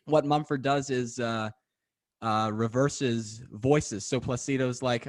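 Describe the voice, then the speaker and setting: A man's voice: medium pitch, fairly even intonation, takes it slowly. A man hosting a podcast interview, telling stories in an eager, chatty way. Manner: enthusiastic, chatty storyteller. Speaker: podcast host. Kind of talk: casual interview chat.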